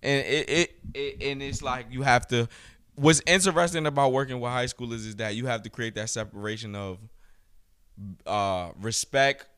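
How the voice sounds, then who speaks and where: A man's voice: mid-range voice, fairly bright tone, clean tone. A man, chatting casually and telling stories in loose, profane slang. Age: 30s. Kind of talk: casual chat.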